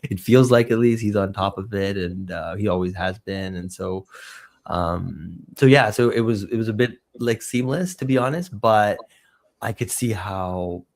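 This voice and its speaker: A man's voice: fairly low pitch, unhurried, darkish tone. A man hosting an interview, asking eager casual questions packed with "like" fillers. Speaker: podcast host.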